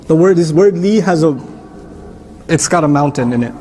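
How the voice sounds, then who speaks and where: A middle-aged man preaching a sermon-style lecture, explaining with rhetorical questions and turning animated at times. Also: fairly high pitch, moderate pace, a little hiss or hum. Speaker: Islamic preacher.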